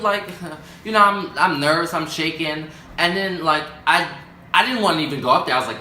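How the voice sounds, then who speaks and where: A young man tells a story to his camera with lots of drama, acting out the voices of the people in it and swinging his pitch up and down. His voice sits fairly high and sounds bright. The room around him is echoey. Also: quick pace, a little hiss or hum. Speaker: vlogger. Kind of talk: storytime vlog.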